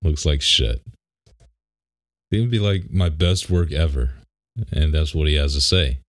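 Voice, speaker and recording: A young man co-hosts a podcast from a home office, chatting casually in a laid-back, rambling way and laughing often. His voice is very deep and his pace measured.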